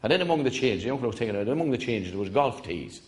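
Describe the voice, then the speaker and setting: A man's voice: medium pitch, animated, racing. An Irish man telling jokes in a rambling stand-up style, wandering off into side stories and chuckling through them. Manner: digressive, chuckling through his own stories.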